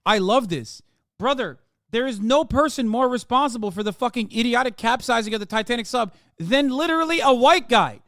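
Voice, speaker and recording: A man in his thirties streaming live, reacting to posts with profane, mocking commentary that swings from loud outrage to mumbled asides. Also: very high voice, expressive, a little fast, no room sound, clean studio sound.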